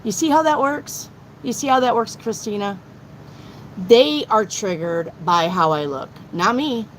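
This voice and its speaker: A middle-aged woman runs a live tarot reading. She is blunt and excitable and swears freely, with a voice at an ordinary pitch. Faint background noise sits under her voice. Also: low-quality recording. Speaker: tarot reader.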